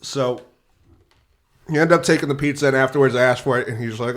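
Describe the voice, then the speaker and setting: A man's voice: mid-range voice, a little fast, long pauses. A man on a podcast telling a rambling, profane story in casual chat, often laughing. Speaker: podcast guest.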